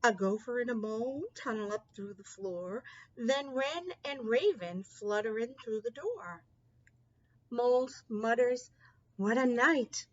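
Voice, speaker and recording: A woman reading a picture book aloud in a slow, sing-song storytelling manner. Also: a little high, expressive, darkish tone, lo-fi sound. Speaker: storybook reader.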